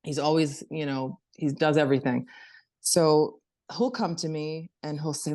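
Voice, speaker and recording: A middle-aged woman on a video call, telling a personal story in an animated way and acting out her child's words. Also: unhurried. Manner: animated storytelling, acts out her daughter in a high voice. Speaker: interview participant.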